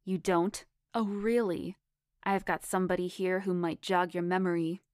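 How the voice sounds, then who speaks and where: A woman's voice: fairly low pitch, fairly even intonation, moderate pace, a little mellow, clear, resonant tone, no echo, studio quality, lightly acted. A woman doing a threatening gangster man. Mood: menacing. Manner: threatening, sneering. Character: menacing adult male gangster.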